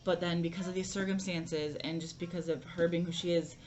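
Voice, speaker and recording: Low-voiced woman chatting about books. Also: fairly even intonation, a little fast, darkish tone, slight background noise. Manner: rambling, many fillers and restarts. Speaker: book vlogger. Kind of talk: casual book review chat.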